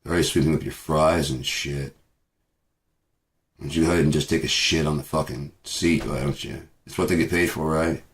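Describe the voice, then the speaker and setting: Deep-voiced man ranting bitterly. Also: steady tone, fairly quick. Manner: bitter, swearing, repeats himself. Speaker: vlogger. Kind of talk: profane ranting monologue.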